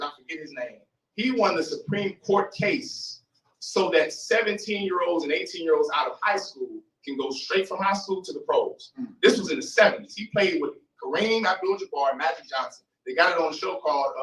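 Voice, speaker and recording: A man's voice: fairly high pitch, a bit bright. A man giving an impassioned lecture to a live audience, emphatic and throwing rhetorical questions at the crowd. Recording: roomy hall, mic far off.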